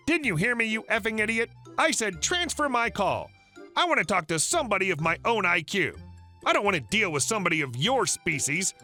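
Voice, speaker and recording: Man doing an entitled woman caller, insulting, demanding, bright tone. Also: high voice, sing-song, a little fast, faint music behind, full character voice. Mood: angry.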